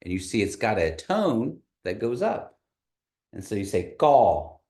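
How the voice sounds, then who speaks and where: A man teaching an online language class over a video call, patiently repeating words slowly for learners. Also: on the low side, sing-song, a little mellow.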